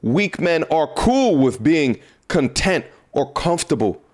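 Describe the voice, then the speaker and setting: A man's voice: fairly high pitch, sing-song, measured pace. A man hosting a commentary video, preaching bluntly and emphatically to his viewers about the clips he plays. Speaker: commentary host.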